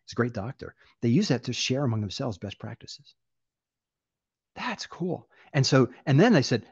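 A man's voice: medium pitch, moderate pace, husky, no room sound, highs cut off. An older man speaking as an interview guest, telling stories animatedly and acting out the voices of people he quotes. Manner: animated storyteller, acting out dialogue. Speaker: guest, applied AI director. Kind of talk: interview conversation.

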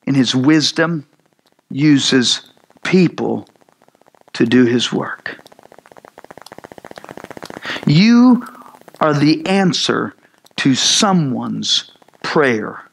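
A man preaching a sermon as pastor, repeating phrases and building to loud emphatic peaks. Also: medium pitch, gravelly, husky, poor audio. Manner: repetitive, stammering restarts, rising to loud emphatic peaks; acts out voices of Moses and God in dialogue.

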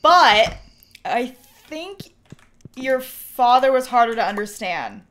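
A woman's voice: fairly high pitch, sing-song, slow, fairly bright tone. A woman streaming a game, chatting casually, giggling and thanking viewers. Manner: giggly, reads out chat thank-yous. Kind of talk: casual gaming chat. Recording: noisy stream audio with clicks.

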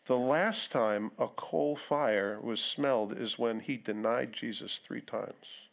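A middle-aged man preaching in a church in a conversational tone. His voice sits at a medium pitch. He now and then acts out quotes in other voices. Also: slow, vocal fry. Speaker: pastor. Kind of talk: sermon.

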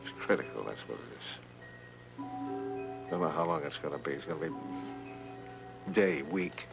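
An actor playing a worried male doctor in a 1980s daytime soap, speaking gravely and in hushed tones. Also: very deep voice, animated, measured pace, music in the background, exaggerated voice, rough recording.

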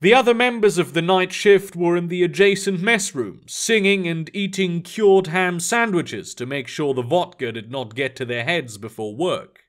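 A man narrating a sci-fi story aloud in an expressive reading style. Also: high-pitched, moderate pace, few pauses.

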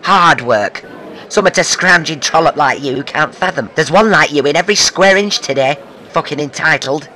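A man's voice: fairly high pitch, moderate pace, sharp tone. A man dubbing sweary, bickering soap neighbours. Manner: sweary, insulting, comic. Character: foul-mouthed feuding soap street residents. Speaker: fan comedy dubber voicing several soap characters.

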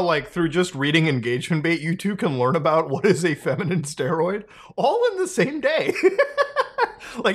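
A man's voice: high-pitched, a bit bright. A man hosting a casual commentary, sarcastic and often breaking into laughter. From North America. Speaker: commentary host.

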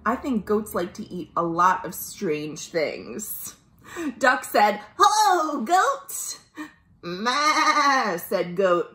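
Animated librarian woman reading to kids. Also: on the low side, slow, reverberant. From United States. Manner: animated storytime voice, gasps and asks questions. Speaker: children's librarian. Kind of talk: reading a picture book aloud to children. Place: at home.

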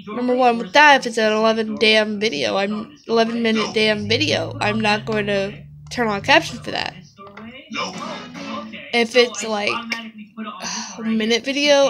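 Hoarse woman, voice cutting out. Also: on the high side, fairly even intonation, a little slow, crowd noise, poor audio. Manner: rambling, with frequent fillers. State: hoarse, sore throat, voice cutting out. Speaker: YouTuber. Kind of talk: casual vlog chat to viewers.

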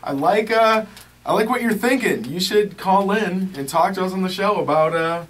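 A man co-hosting a podcast in a small studio, chiming in with relaxed, casual remarks. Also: high voice, normal speed. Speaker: podcast co-host. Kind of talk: casual radio-style chat. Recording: distant mic, roomy sound.

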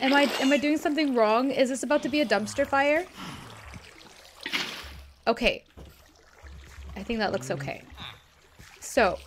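A woman streamer giving excitable, swear-laden let's play commentary. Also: fairly high pitch, a little hiss or hum. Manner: excitable, swears, laughs often.

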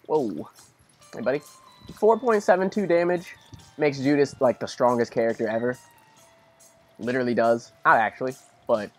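A young man casually rambling through gameplay commentary, tired and easygoing, now and then talking to his dog. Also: medium pitch. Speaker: let's play commentator.

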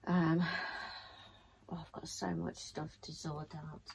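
Woman, middle-aged, rambling tired vlog chat, lowish voice, faint background noise. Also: level tone, takes it slowly, gravelly, darkish tone. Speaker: vlogger. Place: her bedroom at home.

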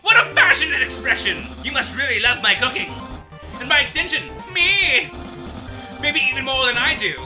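A man voicing a boastful, excitable skeleton character, making loud theatrical proclamations while reading game dialogue. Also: very high voice, normal speed, music in the background, voice pushed up, rough recording. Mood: dramatic.

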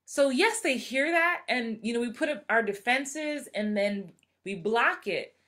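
A woman's voice: on the high side, unhurried. A woman in her forties, an acting coach giving a casual live motivational talk and acting out voices she quotes. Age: 40s. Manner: animated, acts out quoted voices.

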